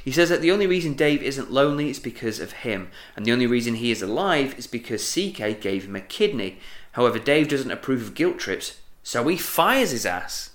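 A man's voice: mid-range voice, sing-song, fairly quick, few pauses, fairly bright tone. Man recapping a show, roomy sound. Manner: playful, summarising with jokey asides. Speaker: podcast co-host recapping an episode. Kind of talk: casual recap and chat. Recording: roomy echo.

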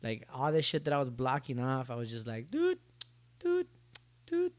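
A man's voice: medium pitch, steady tone, fairly quick, no echo. A young man hosting a solo podcast, rambling casually with lots of swearing and jokes. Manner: profane, rambling, joking. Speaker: podcast host.

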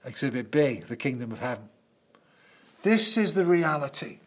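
A man's voice: medium pitch, animated, moderate pace. A man preaching a sermon, telling stories earnestly and with emphasis.

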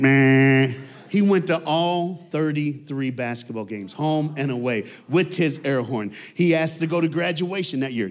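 A man giving a storytelling speech, animated and talking straight to his audience. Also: on the high side. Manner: animated, talks straight to the crowd.

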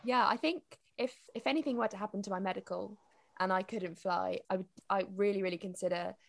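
A woman's voice: medium pitch, brisk, vocal fry. A woman, interviewing casually and prompting with short replies. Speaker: interviewer, trainee pilot.

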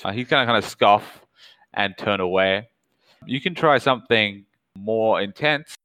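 Male game master, low and smooth, dry close sound, measured narration. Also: pushed and bright, dry recording, rough recording. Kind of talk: narrating a tabletop horror game.

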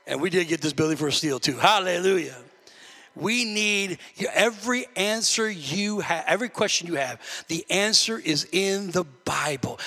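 Man, pastor, high voice, animated sermon, long church-hall reverb. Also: normal speed. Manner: animated preaching, acts out dialogue with God, shouts at peaks. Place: church sanctuary.

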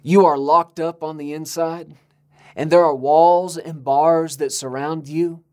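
A man's voice: steady tone, a little mellow. Fervent American preacher man. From United States. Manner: emphatic, slows to stress key words, rises to high pitch for appeals. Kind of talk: sermon.

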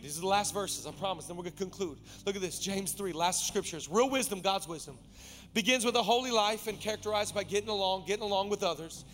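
Pastor guy preaching, high bright voice, goes from yelling praise to real quiet, soft music under it. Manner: swings between shouted high-energy praise and hushed intimate preaching. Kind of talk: sermon. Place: large church auditorium.

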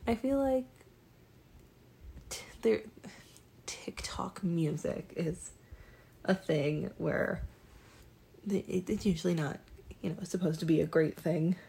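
Raspy young woman rambling casually. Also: on the low side, takes it slowly, pauses often, dark tone. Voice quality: raspy, creaky. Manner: rambling, self-deprecating, many ums and restarts. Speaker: vlogger. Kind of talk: casual monologue.

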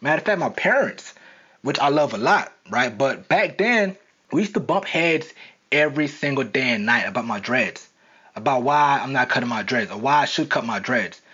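A young man with a Southern accent hosts a solo podcast with no script, chatting casually and rambling with plenty of fillers. His medium-pitched voice is expressive, pushed and bright, a little rough, at a normal pace. The recording has a dull, lo-fi sound.

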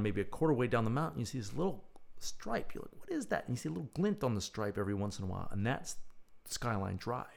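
A man hosts his own show in a reflective, lyrical monologue, pausing to muse between phrases. His pitch rises and falls in a lively way as he speaks. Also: creaky. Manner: lyrical, musing, with thoughtful pauses. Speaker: podcast host.

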